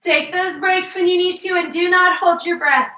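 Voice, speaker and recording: Counting reps and correcting form, a middle-aged woman fitness instructor runs a workout, breathless and sighing between sets. She has a very high, sharp voice with fairly even intonation and a moderate pace. The room is echoey and the mic sits at a distance.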